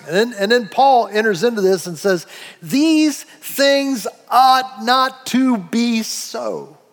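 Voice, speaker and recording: Guy preaching a sermon, pretty high voice, acts out little bits, big echoey hall. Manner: animated preaching with acted-out asides and quoted voices. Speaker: pastor. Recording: long hall reverb.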